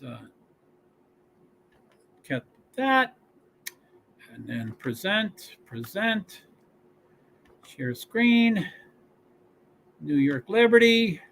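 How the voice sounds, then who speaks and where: A man with a slightly high, somewhat bright voice hosts a laid-back sports watch-along stream. He reads team rosters and stats aloud, filling the gaps with fillers, pauses and chatty asides.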